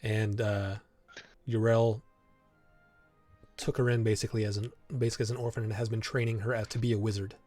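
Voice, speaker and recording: A man's voice: lowish voice, flat delivery, fairly quick, darkish tone, faint music behind. A man running a tabletop game as game master, narrating loosely with fillers and frequent laughs.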